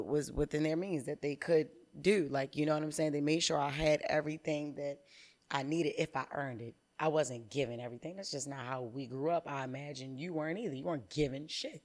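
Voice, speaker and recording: A woman in her thirties, a comedian guest on a podcast, telling candid stories in an animated, profane way. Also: low voice.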